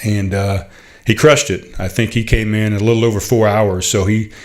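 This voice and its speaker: Low-voiced man telling a story, halting. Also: little pitch movement, a little mellow. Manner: halting, many fillers and restarts; heartfelt, proud. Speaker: podcast host. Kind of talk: casual storytelling monologue.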